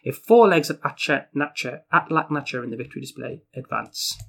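A man playing through a card game on his own, reading the story text aloud and chatting through each move. His voice is medium in pitch with a husky grain. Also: a little fast. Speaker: solo board game player. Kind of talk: casual playthrough with read-aloud story text.

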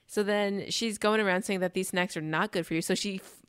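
A woman's voice: mid-range voice, brisk, clean tone, no echo. Dry-sounding woman recapping a movie. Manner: animated, acts out characters' lines while retelling. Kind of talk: casual movie recap chat.

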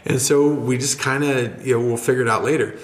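A man co-hosting a podcast, telling a church story in a rambling, halting, excited way. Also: mid-range voice. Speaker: podcast co-host, church member. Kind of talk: casual storytelling chat. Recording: roomy echo.

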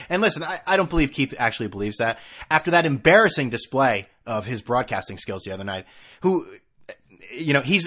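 A man's voice: medium pitch, a bit bright. A man in his thirties hosting a casual sports talk show, ranting with sarcasm and profanity.

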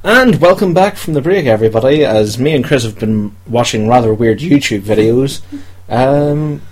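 A man's voice: medium pitch, expressive, normal speed, darkish tone. A man hosting a casual podcast chat, rambling and hesitant with many ums while reading a list. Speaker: podcast host.

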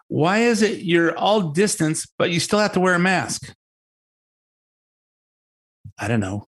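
A man hosting a talk show, delivering an opinionated commentary monologue in a sarcastic, mocking tone that rambles with many restarts. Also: a little high.

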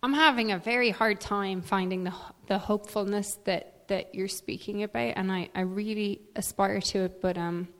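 A woman congregant asking a question, hesitant and halting, repeating her words. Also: medium pitch, fairly even intonation. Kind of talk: emotional question from the floor. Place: mosque prayer hall. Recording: long hall reverb.

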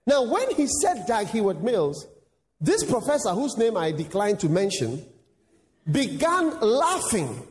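A male pastor preaching a sermon, acting out dialogues with lively voices. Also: high-pitched, a little slow, in a large hall. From Ghana. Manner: animated, acts out dialogues in voices.

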